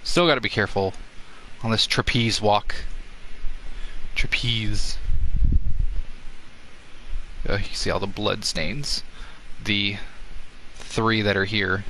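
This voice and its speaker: A man's voice: lowish voice, moderate pace, pauses often, bright, forceful tone, a little hiss or hum, poor audio. A man giving casual, rambling gameplay commentary, full of fillers and swearing.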